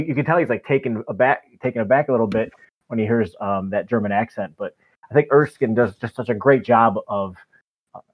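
Man on a tinny phone-like line. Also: medium pitch. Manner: enthusiastic, rambling with restarts. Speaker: podcast co-host. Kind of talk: casual movie discussion.

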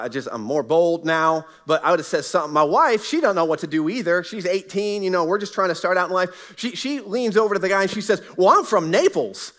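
A man's voice: high-pitched, fairly bright tone. A middle-aged man preaching a sermon as a pastor, telling a personal story in an earnest, conversational way. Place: church sanctuary.

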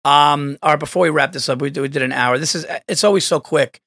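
Male podcast host, slightly high voice, dry close sound; animated storyteller who swears. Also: quick pace, no room sound. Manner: animated storyteller, swears freely, acts out quotes. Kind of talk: casual podcast chat.

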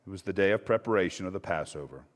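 A man's voice: low voice, very fast. A male pastor giving a conversational sermon and reading scripture. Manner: conversational, hesitant with fillers. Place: church sanctuary. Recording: long church reverb.

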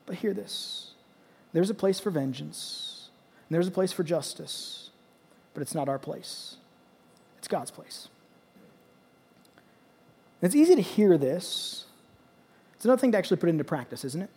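A man's voice: sits high, animated, unhurried, gravelly, long pauses, a little hiss or hum. A man preaching a sermon, acting out scripture passages with rising intensity and emphatic repetition. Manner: dramatic scripture reading, rising to shouts. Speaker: pastor. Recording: long hall reverb.

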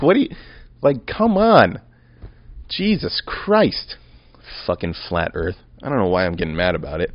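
A young man hosting his own podcast, rambling and swearing in a casual rant that swings from mumbles to loud outbursts. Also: fairly low pitch, no echo, dull audio. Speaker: podcast host.

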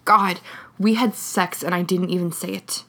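A woman's voice: fairly low pitch, fairly even intonation, normal speed, pushed and bright. A woman reading the lines of a playful, teasing young man in a story.

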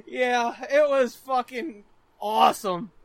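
High-voiced, bright, crude storytelling man. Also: no room sound. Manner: animated, crude, laughs often. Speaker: podcast co-host. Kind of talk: casual chat, storytelling.

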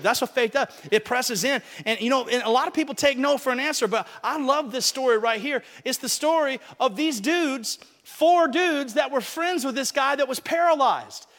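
A pastor from Alabama preaching a sermon, calling out to the congregation and swinging between shouting and quiet asides. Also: male voice, very high voice, normal speed, hardly any pauses. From Alabama, USA. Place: large church hall. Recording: long hall reverb.

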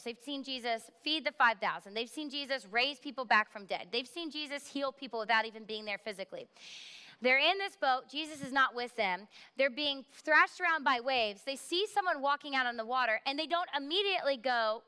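A woman pastor preaching a sermon, animated, acting out the people she quotes in her storytelling. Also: on the high side, clear, resonant tone, in a large hall.

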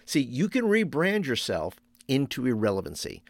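A man's voice: medium pitch, wildly swooping pitch, normal speed, no room sound. A man hosting a youth ministry podcast, talking in a conversational way with frequent fillers and restarts. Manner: conversational, many fillers and restarts, laughs at own stories. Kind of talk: podcast monologue.

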